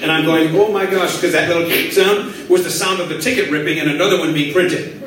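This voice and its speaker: Male pastor, high voice, lively storyteller, heard from far off in an echoey church. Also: fairly quick, slight background noise. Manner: animated storytelling, acting out his own prayers. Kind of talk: sermon.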